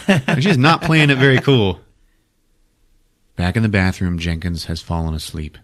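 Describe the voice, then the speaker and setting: A man casually recapping a film for a podcast, swearing often, laughing and acting out quick character bits. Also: medium pitch, animated, a bit bright. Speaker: podcast host.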